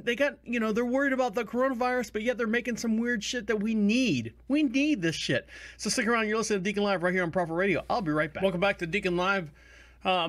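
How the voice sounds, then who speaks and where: Guy with a high-ish voice rambling on his radio show, loose and chatty. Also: fairly bright tone. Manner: rambling, chatty, with restarts and asides. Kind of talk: casual talk radio monologue. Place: radio studio.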